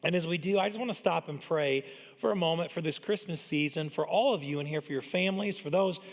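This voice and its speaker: A man in his thirties gives a Christmas sermon in a light, high voice. He talks in a loose, conversational way and tells stories about his family. His voice rings out with a long reverb through a large church hall. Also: fast talker. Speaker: pastor.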